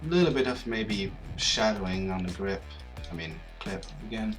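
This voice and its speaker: Low-ish guy chatting thru unboxings, music playing clearly. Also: moderate pace. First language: French. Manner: relaxed, rates items as they unbox. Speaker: game channel host. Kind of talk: casual gameplay commentary. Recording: game music clearly audible underneath.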